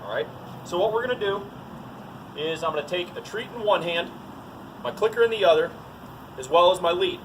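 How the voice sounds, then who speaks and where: A man's voice: high voice, expressive, brisk, pauses often, distant mic, noisy background. A man teaching dog training in a casual, to-the-point way, often saying "all right" between steps. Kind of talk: casual outdoor training demo.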